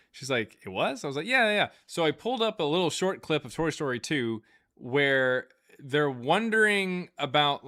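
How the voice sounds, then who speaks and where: A man hosting a casual livestream, joking and rambling as he reads viewer messages aloud. His voice is bright and forward, close on a dry microphone with no room sound. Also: mid-range voice, no echo. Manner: joking, rambling storytelling with laughs; reads out viewer super chats. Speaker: livestream host.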